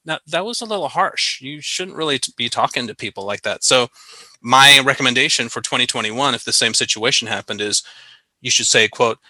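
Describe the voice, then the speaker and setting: A man's voice: medium pitch, animated, brisk, pushed and bright, dry recording, poor audio. A man hosting a podcast in casual chat, playful and mock-serious, often laughing. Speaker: podcast host.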